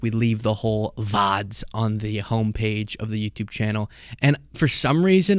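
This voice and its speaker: Male commentary host, casual and sarcastic, animated delivery, mid pitch, dry close sound. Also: dry recording.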